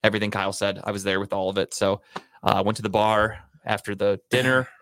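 Low-voiced man telling a story. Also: fast, no echo, clean studio sound. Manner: profane, animated storyteller. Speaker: podcast co-host. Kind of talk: casual storytelling chat.

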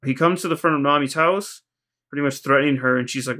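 A male podcast co-host with an ordinary middle-pitched voice, talking fast and loose. He circles his points, restarts, and acts out characters' lines as he retells a plot. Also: little pitch movement, sharp tone. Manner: rambling, heavy use of "like", retells scenes in quoted voices. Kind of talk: casual recap chat.

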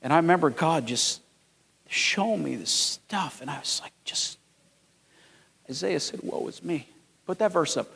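A man in his fifties preaching a sermon as pastor, telling stories and rising to loud, emphatic peaks. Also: fairly high pitch, animated, normal speed, gravelly, pauses often, slightly rough. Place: large church sanctuary. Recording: long hall reverb.

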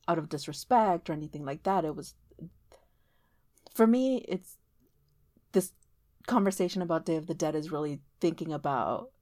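A woman in casual conversation, speaking in a thoughtful, measured way. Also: low-pitched, dark tone.

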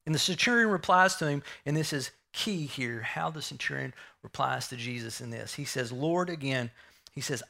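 A man's voice: medium pitch, animated, moderate pace, gravelly, bright, forceful tone. A man preaching a sermon, emphatic, repeating key phrases and asking the listeners rhetorical questions.

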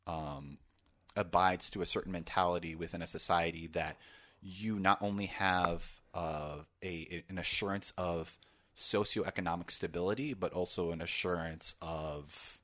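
Deep-voiced man rambling about film. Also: fairly bright tone, no echo. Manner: rambling, many restarts and fillers. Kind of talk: casual film discussion.

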